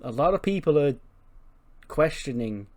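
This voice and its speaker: A man's voice: on the high side, animated, a little slow, darkish tone. A man doing a pushy female backstage interviewer. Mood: probing. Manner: pressing questions.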